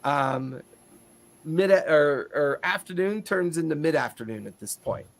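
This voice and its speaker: A man's voice: a little high, animated, unhurried, crowd noise. A man narrating a tabletop game as game master, loose and laughing often.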